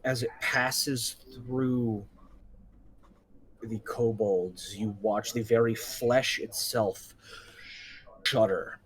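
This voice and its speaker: Slow-talking man game master. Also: medium pitch, steady tone, rough recording. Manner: slow, drawn-out descriptive narration. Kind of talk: narrating a tabletop game.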